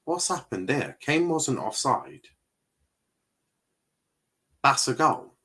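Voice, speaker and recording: A man's voice: mid-range voice, wildly swooping pitch, slow pace, pushed and bright, husky. A young man, commenting casually on a live football match while chatting with viewers. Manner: chatty, reacting to play and reading chat aloud. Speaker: watchalong streamer.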